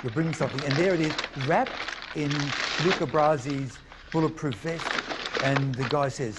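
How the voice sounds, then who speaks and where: A man's voice: on the high side, a little slow, very noisy. Playful, jokey male science presenter. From Australia. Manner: playful, jokey, animated storytelling. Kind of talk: lively live science talk.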